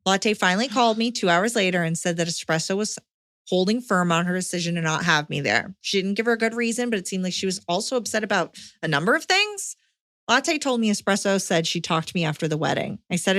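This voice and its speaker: A woman's voice: medium pitch, expressive, fairly quick, fairly bright tone, no room sound, studio quality. A woman hosting a podcast, reading a listener's letter aloud and breaking in with blunt, swearing reactions. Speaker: podcast host.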